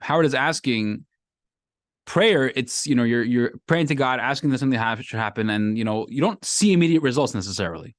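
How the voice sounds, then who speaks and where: A male rabbi with a mid-range voice talks fast as he leads a weekly class before a room of students, keeping it casual and acting out everyday scenarios to bring his examples to life. His intonation rises and falls expressively. The recording is dry and close, with no room sound.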